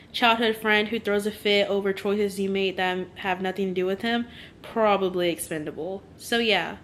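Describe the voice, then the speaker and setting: A woman's voice: medium pitch, fairly bright tone, a little hiss or hum, lightly acted. A woman reading an earnest young man's confession. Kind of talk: reading a book quote aloud.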